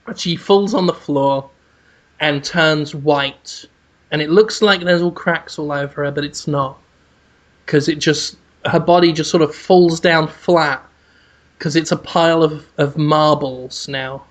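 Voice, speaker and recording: Rambling deadpan comedy storyteller. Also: mid-range voice, unhurried. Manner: rambling, lots of fillers and restarts, deadpan build-up. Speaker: podcast co-host pitching a joke movie.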